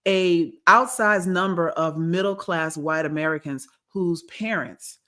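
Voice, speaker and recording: A woman's voice: on the low side, measured pace, pushed and bright. A woman co-hosting a podcast, chatting casually about politics in a rambling way, often restarting her sentences. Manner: rambling, with restarts and quoted voices. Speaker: podcast co-host.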